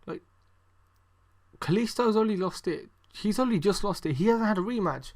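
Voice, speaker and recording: A man's voice: fairly high pitch, normal speed. A young man hosting a podcast, reviewing wrestling in a rambling, sarcastic way, full of swearing and ums. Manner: exasperated, sarcastic. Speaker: podcast host. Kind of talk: casual wrestling review chat.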